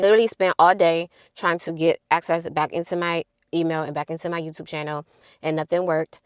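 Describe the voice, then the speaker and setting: A young adult woman telling a personal story to her viewers in a casual, animated way, often calling them y'all. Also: low voice, fairly quick, clean tone, dry recording, clean studio sound. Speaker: YouTuber.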